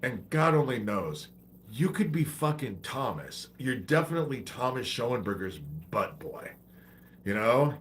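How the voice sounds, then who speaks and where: A man's voice: medium pitch, big pitch swings, a little slow, fairly bright tone, a little hiss or hum. A man hosting a livestream, ranting in a profane, exasperated, preachy way while he has a head cold. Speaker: livestream host.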